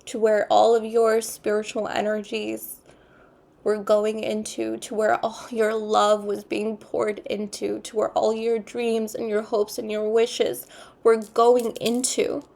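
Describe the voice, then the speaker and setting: Gravelly-voiced woman giving a tarot reading. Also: fairly high pitch, completely flat delivery, a little mellow. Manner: unhurried, repetitive, earnest spiritual phrasing. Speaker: tarot reader. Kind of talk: intuitive tarot card reading.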